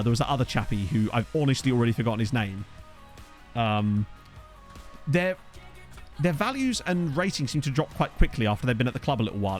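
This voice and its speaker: Lively chatty man streaming. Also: mid-range voice. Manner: chatty and rambling, reacting to chat. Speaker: gaming streamer. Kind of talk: casual live-stream commentary. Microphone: desktop USB microphone.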